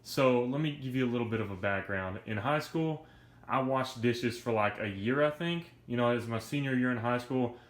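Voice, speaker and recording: A young man talking casually and earnestly to his viewers in a vlog, energetic and a bit out of breath, with lots of slang. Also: mid-range voice, normal speed, reverberant. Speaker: YouTuber.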